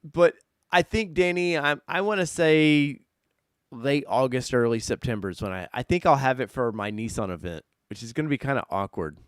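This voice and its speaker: A man hosting a casual live-stream car chat, talking loosely and excitably, jumping from loud bursts to mutters. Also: medium pitch, moderate pace, clear, resonant tone, no echo, studio quality. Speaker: host.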